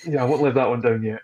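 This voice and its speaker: A man chatting casually as a distillery guest, telling rambling, animated stories and acting out what others said. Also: mid-range voice, lo-fi sound. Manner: rambling, animated storytelling with acted-out quotes. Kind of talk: casual chat.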